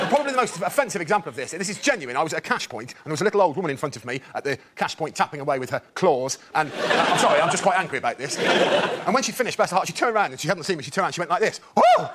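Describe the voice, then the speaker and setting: A man telling a mock-indignant, theatrical stand-up story as a comedy panellist. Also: high-pitched. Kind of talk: stand-up routine on a panel show. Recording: noisy broadcast.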